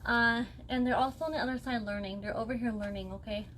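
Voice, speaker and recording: A young woman with a fairly high voice gives a casual spirit reading on a live stream. She talks loosely and reassuringly, often pausing to ask "okay?" A faint ambient hum sits under her voice. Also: fairly even intonation, fairly bright tone. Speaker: psychic medium.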